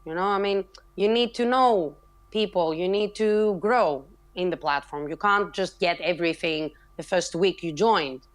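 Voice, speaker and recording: A woman's voice: lowish voice, a little slow. Passionate woman in casual chat. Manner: passionate, emphatic, restarts often. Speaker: community member introducing herself.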